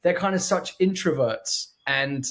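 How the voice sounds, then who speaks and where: Male film podcast co-host, upbeat and animated, voice a touch high. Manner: enthusiastic, quick to agree, animated. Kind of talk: casual film review chat.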